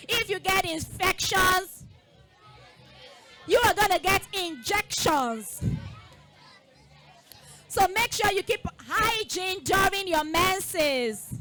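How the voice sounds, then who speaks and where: A woman speaks to children in a very high, lively voice, drawing her words out slowly. She gets the girls to repeat lines after her and to clap. Faint music plays behind her at the event. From Nigeria. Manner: animated, call-and-response, coaxing children to repeat. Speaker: school founder speaking to girls. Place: festival event space.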